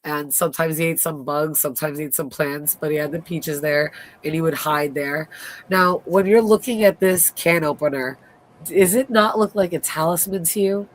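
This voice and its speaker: A woman with a low, deep voice hosts a casual live recap of a TV episode. She retells the scenes in an animated way and acts out the characters' lines as she goes. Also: moderate pace. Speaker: host.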